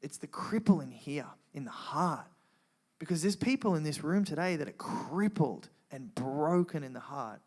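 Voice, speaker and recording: A man's voice: fairly high pitch, moderate pace. Earnest man giving an emotional testimony. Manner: earnest, animated storytelling with frequent restarts. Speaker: guest speaker sharing testimony. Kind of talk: emotional personal testimony to a live audience.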